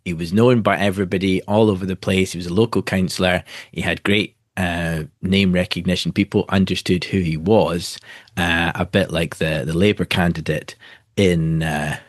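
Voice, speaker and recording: A man's voice: deep voice, steady tone, moderate pace, dry recording, clean studio sound. A man co-hosting a podcast, talking in an easygoing way with many fillers. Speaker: podcast co-host. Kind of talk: casual podcast chat.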